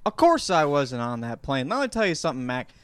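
A man's voice: medium pitch, very animated, fairly quick, smooth, dry recording, lightly acted. A man voicing a boastful, confused old male president who rambles and trails off mid-sentence. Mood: rambling. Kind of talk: comedic improv impression.

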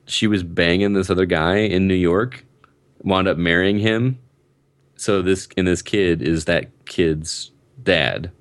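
A man's voice: low voice, slow, no room sound. A man in his thirties telling a long personal story in casual conversation, rambling and restarting his sentences with lots of ums. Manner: rambling, self-interrupting storyteller with frequent ums.

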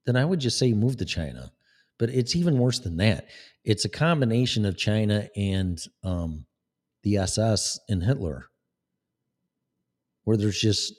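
Low-voiced man ranting, profane. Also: darkish tone. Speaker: vlogger. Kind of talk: political rant. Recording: long echoing reverb.

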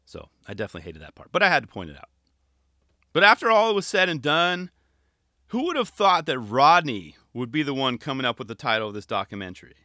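A man hosting a podcast in casual, rambling chat, animated and self-deprecating. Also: mid-range voice, brisk, no room sound, studio quality. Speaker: podcast host.

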